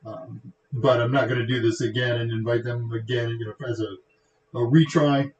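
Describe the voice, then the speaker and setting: A man's voice: medium pitch, steady tone, moderate pace, highs cut off. Chatty Texan man in an echoey room. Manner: rambling, joking asides. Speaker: tech show host. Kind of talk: casual livestream chat.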